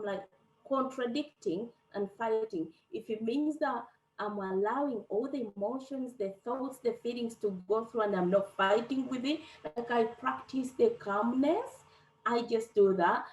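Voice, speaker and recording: A woman's voice: mid-range voice, a little mellow. Reflective woman on a roomy video call. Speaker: panel guest. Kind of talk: casual personal sharing. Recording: roomy, distant from the mic.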